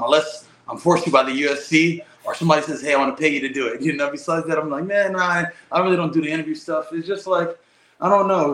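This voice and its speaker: Interview guest: relaxed, thoughtful man with a slightly high voice, recorded in an echoey room. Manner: laid-back, reflective, frequent "you know". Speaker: guest, professional fighter. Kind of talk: casual interview talk.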